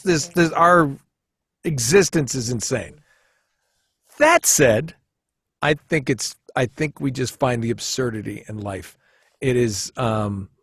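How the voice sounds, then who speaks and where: A man chatting as a podcast guest, telling stories in an animated, rambling way with many restarts, often jumping into quoted voices. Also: medium pitch, no echo, studio quality. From United States. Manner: animated storyteller who jumps into quoted voices. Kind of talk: casual storytelling chat.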